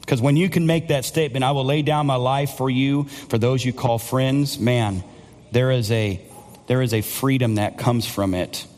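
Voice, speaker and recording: A male pastor preaching a sermon, building to loud, emphatic passages and calling for amens. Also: mid-range voice, fairly even intonation, normal speed. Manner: preaching with rising, near-shouted emphasis. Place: church sanctuary. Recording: long church hall reverb.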